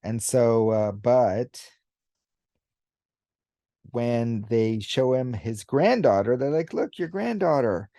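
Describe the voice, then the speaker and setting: A man hosting a casual commentary video, talking in a relaxed, unhurried way with many fillers and now and then acting out characters' lines. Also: mid-range voice, no echo, clean studio sound. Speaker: YouTube host discussing manga.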